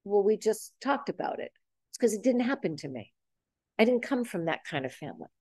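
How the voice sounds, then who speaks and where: A woman's voice: medium pitch, very animated, brisk, dark tone, breathy edge, no echo. Older woman host, 70s, chatty storyteller, acts out the quotes, dry close sound. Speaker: host leading a group talk. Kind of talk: casual group chat. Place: boxing gym.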